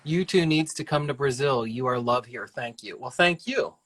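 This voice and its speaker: A man's voice: mid-range voice, normal speed, fairly bright tone. Man reading out viewer questions. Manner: playful, teasing. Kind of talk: casual livestream chat.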